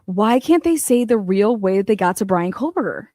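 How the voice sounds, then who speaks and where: At a normal speed, a woman chats casually about true crime as she works through documents, excitable and profane, her voice swinging from murmurs to loud exclamations. The recording is studio quality with no room sound.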